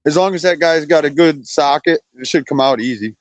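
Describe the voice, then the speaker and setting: A man speaking with a relaxed, easy manner on a video call, his voice pitched slightly high for a man. The sound is dry and close, with no room around it. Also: fairly quick, no echo, rough recording. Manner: relaxed, talks to his dogs between remarks. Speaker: guest caller. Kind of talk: casual chat.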